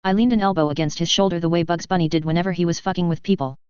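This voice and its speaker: A woman reading a first-person fan fiction story aloud in a steady narrating voice. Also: on the low side, very fast, clear, resonant tone, no room sound. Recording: dull lo-fi dry recording.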